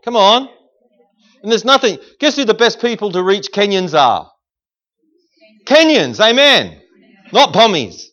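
A man preaching an energetic sermon in a church service, calling out to the congregation for responses. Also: high voice, a little slow, long pauses, highs cut off. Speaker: guest preacher.

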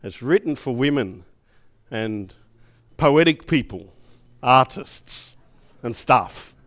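A middle-aged pastor speaks slowly at a medium pitch as he preaches. Emotive and animated, he weaves in personal stories and acts out the quotes.

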